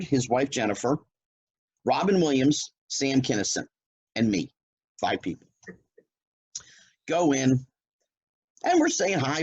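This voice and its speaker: A man's voice: mid-range voice, husky, lo-fi sound. A middle-aged man from New Jersey, a former child actor, telling a story in casual chat and acting out the lines of the people in it. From New Jersey, United States. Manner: animated storyteller who acts out quoted lines.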